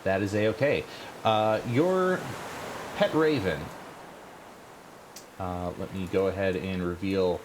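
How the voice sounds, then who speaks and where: A man's voice: sits low, slow, pauses often, noisy background. A man narrating as game master in a tabletop game, hesitant with many fillers.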